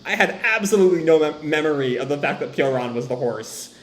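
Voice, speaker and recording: Animated man in an echoey room. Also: a little high, a little fast. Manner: animated, laughs often, tangents. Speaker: manga reaction host. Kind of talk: casual reading and commentary.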